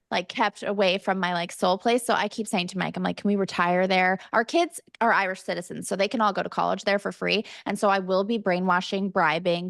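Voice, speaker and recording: A female podcast co-host with a mid-range, creaky voice chats casually, oversharing and telling stories with lots of energy. The recording is clean studio sound with no room echo.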